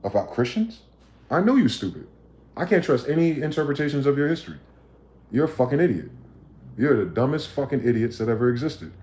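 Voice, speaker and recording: A man rants on a livestream, swearing freely and pressing listeners with combative rhetorical questions. His voice sits in a mid range with a dark, mellow tone, and his room gives it a noticeable echo. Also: medium pitch, very animated, fairly quick. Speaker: livestream host. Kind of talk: ranting livestream monologue.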